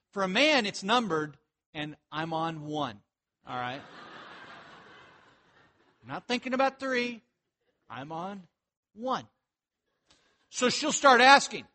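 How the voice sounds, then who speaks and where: Animated high-voiced man preaching. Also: slow pace, pauses often. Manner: animated, jokey storytelling with sudden outbursts. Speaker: pastor. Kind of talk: sermon.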